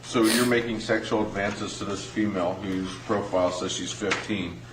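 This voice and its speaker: A male detective asking measured, pointed questions in a police interrogation room. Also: fairly low pitch, flat delivery. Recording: echoey room with noise.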